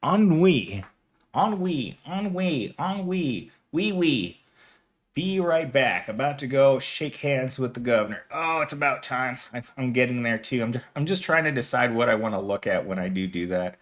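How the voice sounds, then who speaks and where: Guy streamer rambling to his chat, laughs a lot, super animated voice. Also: mid-range voice, moderate pace. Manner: rambling and giggly, talking to chat. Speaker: live streamer. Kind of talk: casual live-stream chat, reading viewer comments. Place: at home, streaming without camera.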